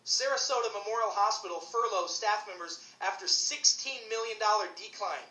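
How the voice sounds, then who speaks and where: A fired-up woman doctor rants through heated commentary, hammering her points with emphatic repetition. Her voice is bright and forceful. The room around her rings with a noticeable echo. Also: medium pitch, normal speed. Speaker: physician commentator. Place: St. Louis area.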